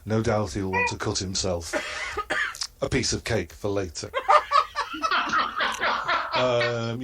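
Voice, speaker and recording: A man doing a comedy roast in a halting, hesitant delivery and chuckling at his own crude jokes. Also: lowish voice. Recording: noisy line.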